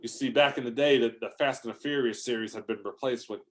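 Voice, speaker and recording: A man spins an absurd tall tale off the cuff, wandering from thought to thought and stopping himself mid-sentence. His voice is of middling pitch for a man, and he tells the story in casual, offhand talk. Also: quick pace. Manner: rambling, self-interrupting, bursts into shouted lines. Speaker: comedic storyteller. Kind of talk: improvised comedic storytelling.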